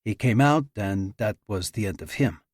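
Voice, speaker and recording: A man voicing a stocky explosives expert in his late forties who talks in a flat, matter-of-fact way. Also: fairly low pitch, normal speed, no room sound, studio quality. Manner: matter-of-fact, casual about violence.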